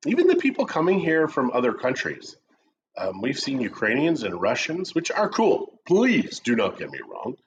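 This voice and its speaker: A middle-aged man in a relaxed coffee chat, spinning jokey stories with a voice that swoops up and down. His pitch sits in the middle of the range. The stream audio sounds dull and lo-fi. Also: normal speed, slight background noise. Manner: joking, animated storyteller. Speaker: co-host of a real estate chat show.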